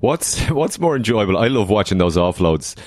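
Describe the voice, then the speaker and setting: Irish male co-host, low voice, enthusiastic, dry studio sound. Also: very animated, moderate pace, darkish tone, no echo. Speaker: podcast co-host. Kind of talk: casual podcast interview.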